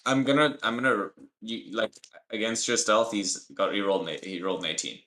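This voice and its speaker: A man's voice: lowish voice, a little fast, pushed and bright. A man running a tabletop game as game master, calling for rolls and narrating the scene.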